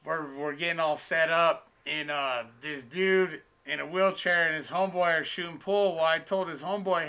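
A man's voice: on the high side, steady tone, moderate pace, hardly any pauses, pushed and bright, smooth. A man chatting casually as a stand-up comedian, telling stories with lots of profanity. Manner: profane, storytelling. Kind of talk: casual chat.

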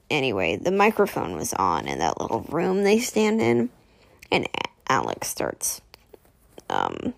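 Woman vlogger doing a chatty episode recap, very animated pitch, low voice, rambling, dry close sound. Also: creaky, dry recording. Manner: rambling, fillers like "um, anyway", self-correcting.

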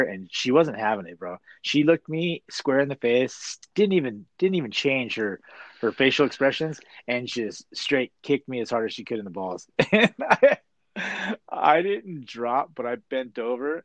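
Middle-aged dude telling stories, lots of "dude", dry close sound, video call. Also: male voice, medium pitch, a little fast, no room sound. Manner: animated storyteller, says "dude" a lot. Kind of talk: casual chat.

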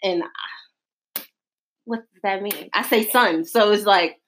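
A woman with a New York accent trades stories on a casual talk show. Her delivery is blunt, profane and animated, and her pitch sits in an ordinary middle range. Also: takes it slowly, a little hiss or hum. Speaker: podcast co-host. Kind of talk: casual chat.

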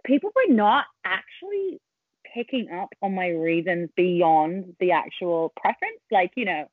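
A woman's voice: on the low side, big pitch swings, a little slow, husky, no echo. A woman, a podcast guest chatting bluntly and animatedly over a remote call, swearing freely. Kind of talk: casual interview chat. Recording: tinny phone-like call audio.

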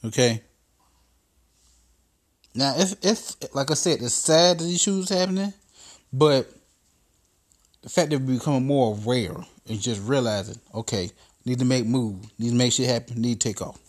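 A man's voice: medium pitch, normal speed, long pauses. A man hosting a podcast, telling a profane comic rant with lots of stammered restarts. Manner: animated storytelling with frequent stammered restarts. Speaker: podcast host.

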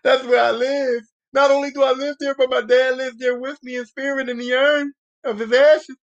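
A man's voice: very high-pitched, level tone, muffled recording, voice pushed up. A man doing a scared teenage boy. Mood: upset. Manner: anxious, slow and stammering.

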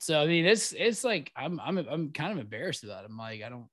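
A man co-hosting a podcast, speaking thoughtfully and a little haltingly, often restarting as he works through an idea. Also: on the high side, animated, dry recording, clean studio sound. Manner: halting, soft-spoken, many restarts; thoughtful, confessional. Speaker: podcast co-host. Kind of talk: casual podcast chat.

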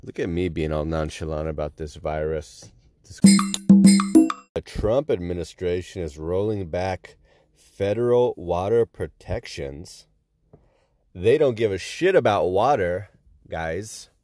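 A man's voice: low-pitched, slow, dark tone. A man hosting a comedic news monologue in a sarcastic, crude, self-mocking way, sick with a stuffy nose.

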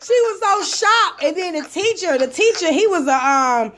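Profane animated woman, high voice. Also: normal speed, heavy background noise. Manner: profane, animated, acts out quotes. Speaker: storyteller in a casual talk. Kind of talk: casual chat, storytelling.

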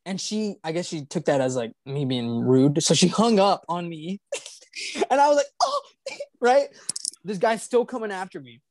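A man's voice: high-pitched, expressive, normal speed, darkish tone, no room sound. A young man hosting a podcast, telling a story casually with many fillers and restarts. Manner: rambling, filler-heavy, laughing retelling. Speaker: podcast host.

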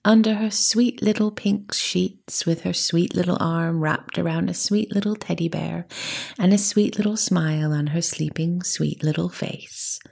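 A woman with a lowish, breathy, husky voice narrates a children's story. She often drops into a soft half-whisper and adds playful emphasis.

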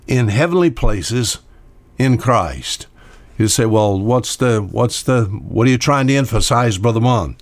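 An older man preaching a radio sermon as host, in a folksy, conversational way, often repeating words and pausing on fillers. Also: medium pitch, no room sound.

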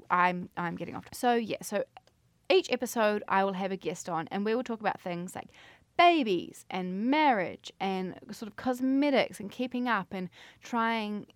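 A woman's voice: mid-range voice, a bit bright, no room sound. A woman in her late twenties hosting a solo podcast, rambling and self-deprecating, swearing now and then. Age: 20s. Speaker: podcast host.

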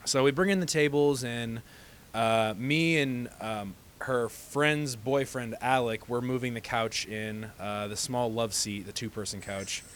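A young man co-hosting a casual podcast, telling a long story with many pauses and "uh"s. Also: mid-range voice, fairly bright tone, slight background noise. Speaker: podcast co-host.

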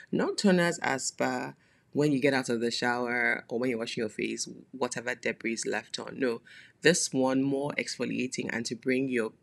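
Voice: mid-range voice, creaky, a bit bright. A podcast host talking casually in a solo monologue, chatty and playful, with frequent laughing asides.

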